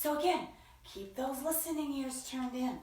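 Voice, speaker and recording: A woman hosting a children's story time, reading slowly in a playful sing-song and stretching out her words. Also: high-pitched, lively intonation, darkish tone, recorded from a distance. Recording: echoey room, voice from off-mic.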